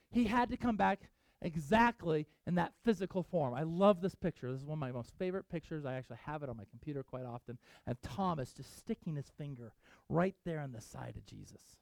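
A man's voice: sits high, no room sound. A man preaching a sermon, earnestly acting out the voices of the people in the stories he tells. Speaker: pastor.

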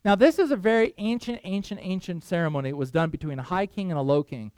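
Animated high-voiced man preaching. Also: quick pace, clean tone, no echo. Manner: animated storytelling with loose asides to the congregation. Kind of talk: sermon.

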